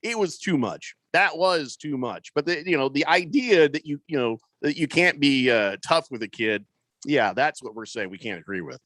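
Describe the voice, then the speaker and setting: A man's voice: medium pitch, animated, normal speed, fairly bright tone, dry recording. A middle-aged man hosting a sports talk radio show, chatting wryly and reading out listener texts with lots of fillers. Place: radio studio. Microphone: studio microphone.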